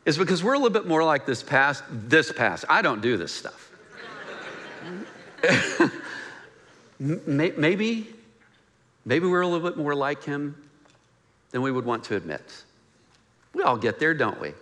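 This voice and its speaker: Animated preacher man, bright and lively. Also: a little high, measured pace, pauses often, in a large hall. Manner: animated and conversational, joking with the congregation. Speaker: pastor. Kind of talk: sermon. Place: church sanctuary.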